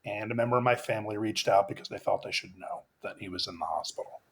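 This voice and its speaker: A middle-aged executive coach tells a personal story in a podcast interview, reflective and earnest, with many fillers and restarts. His voice is lowish, husky and a bit bright, at a quick pace.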